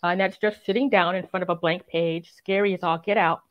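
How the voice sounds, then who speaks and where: A woman who is a crime writer, speaking as an interview guest, reflective and earnest, often filling pauses with "um" and "sort of". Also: on the low side, fairly even intonation, dull audio. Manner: reflective and earnest, many fillers and "sort of" hedges. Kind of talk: conversational interview.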